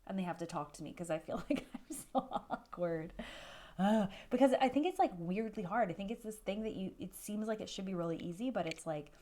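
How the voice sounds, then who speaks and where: A woman's voice: medium pitch, expressive, brisk, mellow. A young adult woman from Canada chatting casually to camera in a vlog, self-deprecating and full of fillers. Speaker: vlogger.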